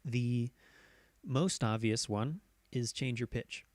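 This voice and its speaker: A man hosting a casual live stream, rambling with many fillers and tangents and sometimes shifting his pitch and pace to show voice tricks. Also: takes it slowly, dry recording. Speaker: host.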